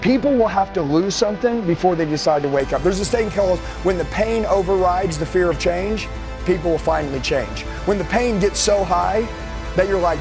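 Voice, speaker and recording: A man's voice: sits high, normal speed. A man giving an aggressive, profane motivational speech to an audience, talking confrontationally. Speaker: motivational speaker. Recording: music playing underneath.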